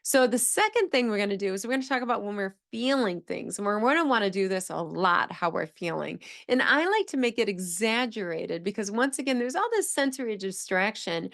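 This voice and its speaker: A woman speech-language pathologist teaches in a podcast episode, walking through her points one at a time and checking in with a quick "okay?". She keeps breaking into stretched, sing-song demonstrations of the phrases she teaches. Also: mid-range voice, expressive, vocal fry, fairly bright tone. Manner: explanatory, repeats key phrases, says "okay?" to check in.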